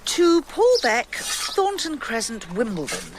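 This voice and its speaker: A brisk wife teases her husband in a radio drama. Her delivery is very animated and her voice sits a little high. A noticeable hiss runs behind her. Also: heavily acted. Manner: brisk and gently teasing. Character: brisk, teasing wife of the detective.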